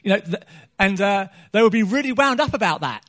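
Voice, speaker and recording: A man's voice: sits high, expressive, a little fast, fairly bright tone. A man preaching a sermon on a small church stage, chatty and joking, throwing questions out to the congregation.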